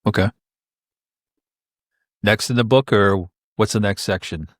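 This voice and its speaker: A man hosting a podcast interview in a fairly low voice, polite and steering the talk along. His sound is dry and close. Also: unhurried, no echo. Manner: brief affirming responses, polite. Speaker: podcast host.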